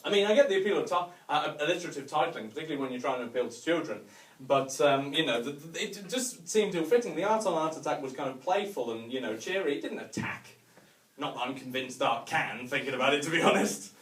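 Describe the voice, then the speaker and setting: A man's voice: on the high side, expressive, quick pace, fairly bright tone. A man doing a rambling, self-mocking stand-up set with lots of fillers, in a hotel venue room. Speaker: stand-up comedian. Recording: echoey room mic from a distance.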